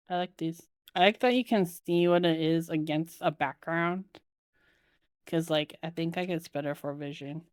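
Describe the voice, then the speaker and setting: A woman's voice: fairly low pitch, dry recording, clean studio sound. A young woman chatting casually on a live stream while building a keyboard, giggling often and cooing to her cat.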